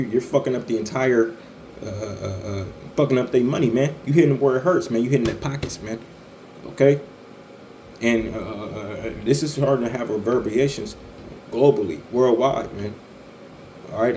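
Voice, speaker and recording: A man's voice: medium pitch, warm tone, slight background noise, poor audio. Rambling, stammering man ranting. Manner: stammering, repeats "man" and "right", swears freely. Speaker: online commentator. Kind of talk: profane religious-political rant.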